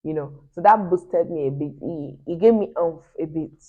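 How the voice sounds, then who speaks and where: A woman's voice: low-pitched, moderate pace. A young woman, chatting animatedly to her viewers and telling a personal story with laughing asides. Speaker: vlogger. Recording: dull lo-fi recording.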